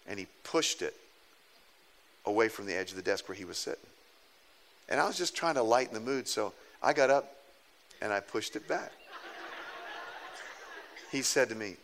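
A man's voice: on the low side, normal speed, pauses often, a little hiss or hum. A middle-aged man preaching a sermon, telling a story with humor and acting out the people in it. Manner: animated, self-mocking storyteller who acts out quoted people. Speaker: pastor.

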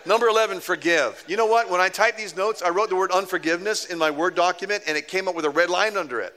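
A man's voice: high voice, fast talker. A middle-aged man preaching a sermon, telling a story with humor and acting out the people in it. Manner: animated, self-mocking storyteller who acts out quoted people. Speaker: pastor.

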